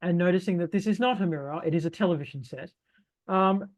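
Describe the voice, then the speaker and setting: A quizmaster reading trivia questions and handing out points in a brisk, teasing way. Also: mid-range voice, no echo. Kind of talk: casual party game hosting.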